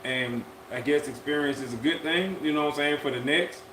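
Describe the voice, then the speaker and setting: A man's voice: fairly high pitch, a little fast, noisy background. A laid-back man chats casually on a live podcast stream, drawing out his words and circling back over his own phrases. The recording is echoey, with faint ambience behind him. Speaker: podcast co-host.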